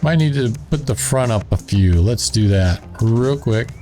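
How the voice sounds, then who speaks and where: A gaming channel host with a Southern drawl speaks unhurriedly in a warm, mid-range voice with lively intonation, over soft background music. He chats casually while playing a building game, narrating and musing aloud as he builds.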